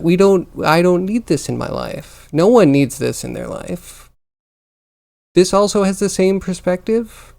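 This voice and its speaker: Exasperated gravelly-voiced male streamer. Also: on the high side, normal speed, darkish tone. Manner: exasperated venting, complaining aloud to viewers. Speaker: livestreamer. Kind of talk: casual livestream chat while working on a computer.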